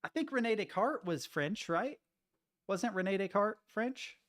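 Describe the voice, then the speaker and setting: An American man chats casually with his live-stream audience, joking, laughing often and rambling as he interrupts himself. His high-pitched voice has lively intonation and a fairly bright tone, and he talks a little slowly.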